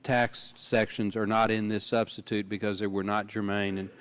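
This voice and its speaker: A man's voice: on the low side, level tone, moderate pace, smooth. A man making folksy, joking remarks in a formal committee hearing. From Texas. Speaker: committee member.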